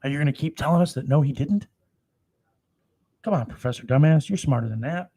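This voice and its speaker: Gravelly-voiced profane male preacher. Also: on the high side, lively intonation. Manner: profane, swings between slow solemn reading and loud outbursts. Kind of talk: scripture reading with crude live commentary.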